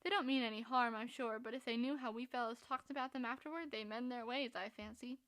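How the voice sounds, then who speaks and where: A woman reading a teasing young gentleman. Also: a little high, fairly quick, lightly acted. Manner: playful, lightly mocking.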